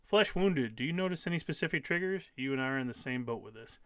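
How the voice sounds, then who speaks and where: A man's voice: mid-range voice, animated, racing, a bit bright, clean tone, dry recording, clean studio sound. A man in his fifties hosting a casual live stream, reading viewer comments aloud and answering them emphatically, often repeating key phrases. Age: 50s.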